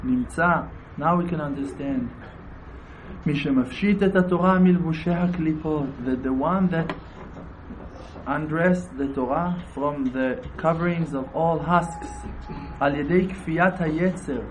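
A man's voice: on the high side, a little hiss or hum. A man giving a Torah sermon as a rabbi, emphatic and repetitive, with laughing asides. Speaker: rabbi teaching.

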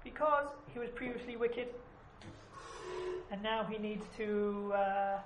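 A woman's voice: medium pitch, takes it slowly. A woman teaching an informal class, chatty and often asking "right?" as she explains. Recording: echoey room, background noise.

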